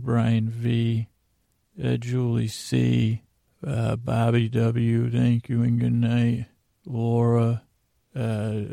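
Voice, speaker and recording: Male podcast host, rambling and soft, monotone and unhurried, recorded very dry. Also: mid-range voice, gravelly, no echo. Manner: meandering, soft, rambling with fillers. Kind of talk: sleepy listener shout-outs.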